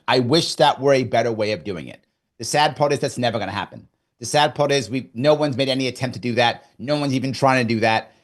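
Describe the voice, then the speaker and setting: A middle-aged man from New York, a guest in a casual interview, telling his story in an animated way and acting out his own past thoughts. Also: mid-range voice. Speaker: guest, former governor candidate.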